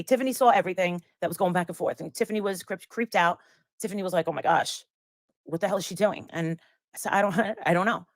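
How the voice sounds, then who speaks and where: A woman's voice: fairly low pitch, no room sound. A woman telling a story in casual chat, rambling and acting out the lines of the people in it. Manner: rambling, acts out quoted lines. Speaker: guest storyteller.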